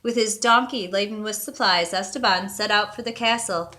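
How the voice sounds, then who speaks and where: Casting: woman storyteller, bright tone, expressive read-aloud of a picture book. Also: mid-range voice, normal speed. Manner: steady expressive reading.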